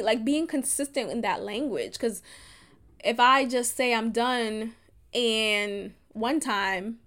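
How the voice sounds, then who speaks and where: A young adult woman hosting a podcast, talking candidly in a casual monologue, laughing often and swearing freely. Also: on the high side. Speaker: podcast host.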